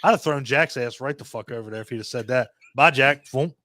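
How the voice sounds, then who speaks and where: A man co-hosting a podcast, giving a casual movie review in a heavily profane, animated rant and mocking the characters as he goes. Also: mid-range voice, fast talker, no echo. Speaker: podcast co-host reviewing a film.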